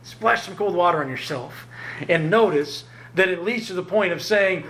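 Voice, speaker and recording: A man preaching a sermon, emphatic and lively, often jumping up in pitch to drive home a point. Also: normal speed. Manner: emphatic, rises sharply in pitch to stress points. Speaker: pastor.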